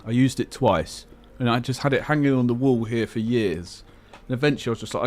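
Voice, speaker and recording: Through a headset mic, a male livestream host with a medium-pitched, brisk voice chats casually and bluntly. He laughs easily and swears now and then.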